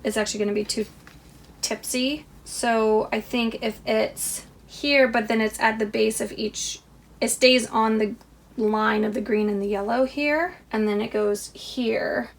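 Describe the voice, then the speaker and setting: A woman's voice: a little high, steady tone, a little slow. A young woman talking to herself as she crochets a toy, chatty and self-deprecating, laughing at her own mistakes. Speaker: crochet vlogger. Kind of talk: casual self-talk while crafting.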